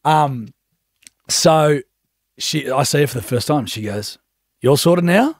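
A man's voice: medium pitch, slow, no echo, clean studio sound. A man, co-hosting a casual radio show and teasing his co-host with frequent laughter. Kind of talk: casual breakfast radio banter.

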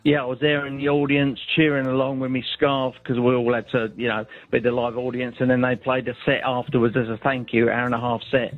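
A man's voice: mid-range voice, little pitch movement, brisk, hardly any pauses, no echo, faint music behind. Guy calling in on the phone, chatty, bit hesitant, thin tinny line. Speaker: radio caller. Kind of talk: casual phone call story.

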